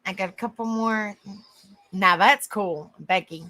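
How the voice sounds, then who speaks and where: This woman hosts a casual live stream, speaking at a measured pace in a pushed, bright, medium-pitched voice. She's affectionate with viewers, calling them honey and sweetheart, exclaiming often and laughing easily.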